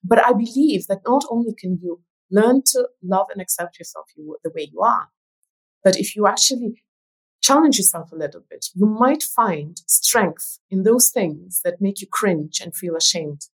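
A woman's voice: medium pitch, expressive, moderate pace, husky, rough recording. A woman author and speaker, a guest on a podcast, explaining her ideas thoughtfully with some "uh" fillers. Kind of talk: interview conversation.

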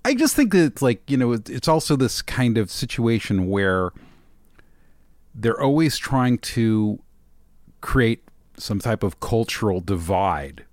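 A man co-hosting a podcast in loose, casual chat. His pitch moves in a lively way as he rambles and restarts his sentences. The sound is dry and close. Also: measured pace, dry recording. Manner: animated, many restarts and fillers. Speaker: podcast co-host.

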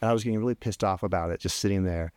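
A middle-aged man, a podcast guest, telling a personal story in a halting way, repeating words and pausing with frequent ums. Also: deep voice, a little mellow, clear, resonant tone, no room sound, studio quality.

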